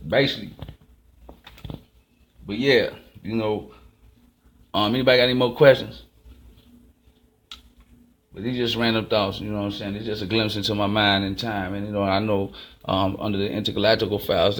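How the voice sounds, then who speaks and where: A man with a Chicago accent delivering a rambling, casual monologue, telling stories fast and acting out both sides of the exchanges. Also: medium pitch. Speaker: channel host.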